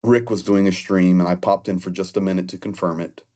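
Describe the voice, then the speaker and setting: A man's voice: sits low, fairly even intonation, dark tone, lo-fi sound. A man telling personal stories in a casual, earnest way, often stopping and restarting. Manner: earnest, halting with frequent restarts. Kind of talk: casual conversational storytelling.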